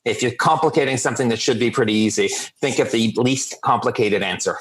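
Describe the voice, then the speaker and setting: A man who works as a sober coach, telling blunt, profane stories in a calm, steady way as a podcast guest. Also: mid-range voice, brisk, poor audio. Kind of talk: casual podcast storytelling.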